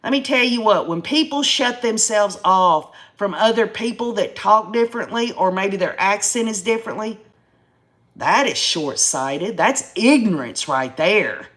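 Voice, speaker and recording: A woman's voice: mid-range voice, animated, unhurried, a bit bright. A woman in her fifties from Tennessee with a Southern accent, hosting a casual live stream and ranting to her viewers in folksy country phrasing. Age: 50s. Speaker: YouTube live-stream host.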